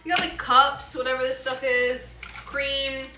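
A woman's voice: sits high, fairly even intonation, a little slow, roomy sound, noisy background. A young woman giving a giggly, rambling hotel room tour to a friend's camera. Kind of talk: casual vlog chat.

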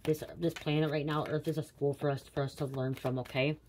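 A woman's voice: low-pitched, level tone, fairly quick, darkish tone, slight background noise. A woman in her late thirties doing a casual psychic reading, rambling and confiding with casual swearing. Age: 30s. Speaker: tarot reader.

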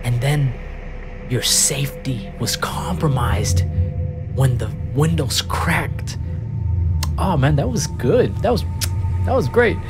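A man narrating his own horror playthrough, reacting with yelps, curses and nervous laughter. His voice leaps and dips all over the place, though his talk is slow and drawn out. Game music plays clearly behind him. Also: medium pitch, animated. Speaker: let's play host.

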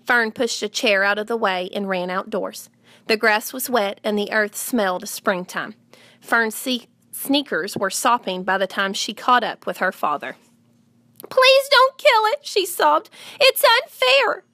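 A woman reading a children's novel aloud in a measured, gently expressive way. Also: mid-range voice, no room sound. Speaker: audiobook narrator.

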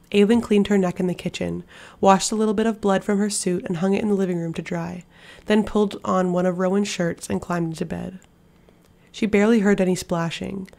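Gravelly woman narrating an audiobook. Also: medium pitch, level tone, a little fast, warm tone. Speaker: audiobook reader.

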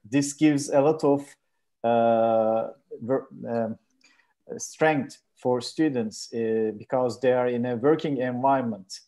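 A man's voice: mid-range voice, warm tone. A man education consultant asking questions in an online session, hesitant with fillers. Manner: hesitant, non-native English with fillers.

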